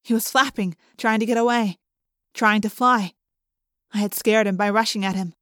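A woman reading an audiobook aloud in first person, expressive, lifting her voice for the characters' lines. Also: moderate pace, no echo, studio quality. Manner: expressive, lifting pitch for dialogue. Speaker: audiobook narrator.

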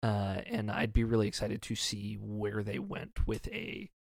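A man's voice: lowish voice, sing-song, measured pace, vocal fry, no echo, clean studio sound. A man reviewing a video game in a casual discussion, talking eagerly and rambling with lots of fillers. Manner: enthusiastic, rambling with many fillers.

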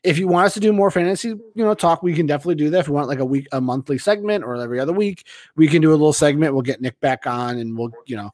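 A man's voice: a little high, very fast, darkish tone, no echo. A man hosting a casual podcast, rambling with many restarts and trailing off. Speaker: podcast host.

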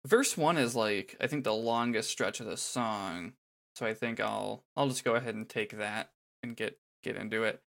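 Podcast co-host, bright clear voice, chatty, laughing, casual lyric talk. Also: medium pitch, moderate pace. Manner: chatty, laughing, many restarts. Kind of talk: casual chat about song lyrics.

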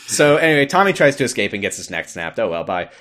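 A man's voice: lowish voice, very animated, quick pace, a bit bright. A man co-hosting a podcast, recapping a TV episode in casual chat with a sarcastic, exasperated manner and some swearing. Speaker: podcast co-host.

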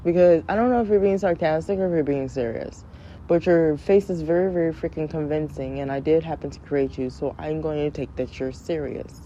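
A woman in her thirties talking casually and comedically, blunt and profane, often mimicking her children in high voices. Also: fairly quick, mellow. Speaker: podcast host. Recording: dull lo-fi sound with faint background noise.

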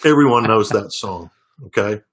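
A middle-aged singer-songwriter talking casually in an interview, telling long stories with many restarts and fillers. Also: male voice, lowish voice, animated, normal speed, fairly bright tone. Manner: rambling storyteller with frequent restarts.

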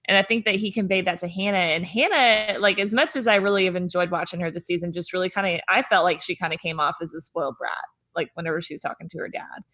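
A woman co-hosting a podcast, chatting casually and agreeably, thinking out loud as she talks. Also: lowish voice, fast. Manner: conversational, agreeable, thinks aloud with restarts. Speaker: podcast co-host. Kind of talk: casual chat recapping reality TV.

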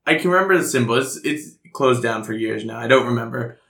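A man's voice: mid-range voice, expressive, quick pace, creaky, bright, forceful tone. A young man chatting casually, rambling and self-mocking with lots of fillers as he tells a story. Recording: roomy echoey room.

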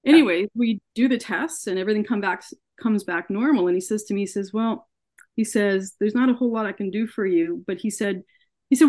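A woman in middle register speaks earnestly on a podcast, recounting her experience step by step. She stumbles and repeats words when the memory upsets her. Her pitch sits at an ordinary level. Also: brisk, darkish tone. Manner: earnest, often acts out dialogue in her retelling. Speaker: guest, researcher. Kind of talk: telling her own story in conversation.

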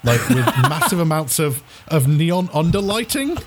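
A man's voice: on the high side, big pitch swings, measured pace, a little hiss or hum. A man narrating a tabletop race game as game master, rambling with many fillers and frequent laughs.

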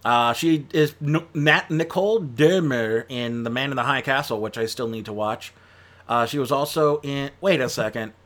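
A man talking through a film review in a loose, conversational way. He rambles, restarts his sentences and fills pauses with ums and uhs, and his pitch sits in an everyday middle range. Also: fairly bright tone. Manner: rambling and chatty, full of fillers and self-corrections. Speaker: movie reviewer. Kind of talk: casual spoken film review.

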